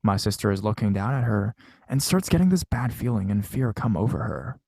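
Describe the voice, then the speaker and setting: A man's voice: fairly low pitch, expressive, fairly quick, creaky, dark tone, breathy edge, dry recording. A man casually reading viewer-submitted scary stories aloud, with a loose, profane, conversational delivery. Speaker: horror story narrator.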